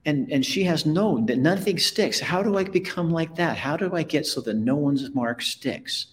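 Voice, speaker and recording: A man's voice: fairly high pitch, animated, moderate pace, slight background noise, voice pushed up, natural voice. A man voicing a small, timid wooden toy boy who stammers and apologizes, as he reads a story aloud. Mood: timid, pleading.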